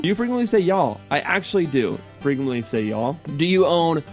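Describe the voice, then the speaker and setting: Man from the midwest, casual comedic vlog, teasing and self-mocking, slightly high voice, faint guitar behind. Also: very animated, fairly quick. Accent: put-on Southern drawl at times. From American Midwest. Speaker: YouTuber.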